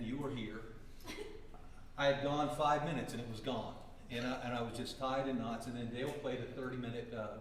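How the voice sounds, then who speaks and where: A man's voice: medium pitch, a little hiss or hum. Earnest man teaching in an echoey church hall. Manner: earnest, self-deprecating, repeats words when starting. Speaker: Bible class teacher. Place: church classroom. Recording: echoey hall, mic from far off.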